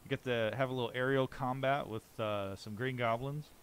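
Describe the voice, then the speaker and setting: A man running a tabletop game, narrating scenes in a measured descriptive way with occasional fillers. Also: mid-range voice, steady tone, a little hiss or hum, rough recording. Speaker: game master.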